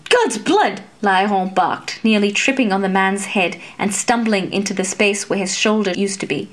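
A woman narrating a fantasy story in a steady, measured reading voice. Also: mid-range voice. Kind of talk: scripted fiction narration.

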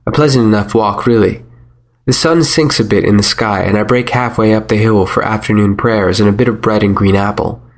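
A man narrating a first-person story in a measured, wry manner. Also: fairly low pitch, fairly even intonation.

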